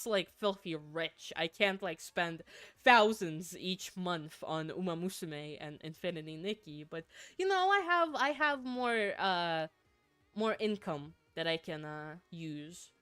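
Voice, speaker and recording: A woman's voice: on the low side, lively intonation, measured pace, a bit bright, smooth, dry recording, faint music behind. A young woman from Finland with a mixed accent, chatting casually as a streamer while gaming and reading chat aloud, giggly and rambling with frequent restarts. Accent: mixed, not a typical Finnish one. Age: young adult.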